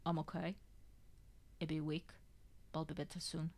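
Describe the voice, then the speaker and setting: A woman voicing a weak, wounded young man who speaks in a hoarse, soft mumble, close to a whisper. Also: deep voice, flat delivery, normal speed, voice pushed down. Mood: weak, tender.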